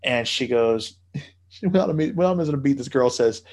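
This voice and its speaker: A man's voice: mid-range voice, lively intonation, normal speed, darkish tone. A man telling a long story in casual podcast chat, profane and rambling with many fillers.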